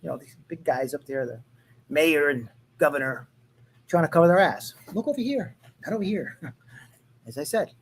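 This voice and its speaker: Sarcastic man with a lively, swinging voice. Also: a little high, moderate pace, slightly rough. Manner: sarcastic and mocking, swears freely; reads headlines aloud with jokey asides. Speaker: podcast host. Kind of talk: casual political commentary.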